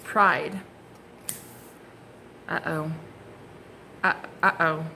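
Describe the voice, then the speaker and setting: A woman's voice: low-pitched, fairly even intonation, drawn-out words, creaky, sharp tone, slight background noise. A woman giving a casual, gushing tarot reading to her viewers, exclaiming and swearing freely as she turns the cards. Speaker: tarot card reader.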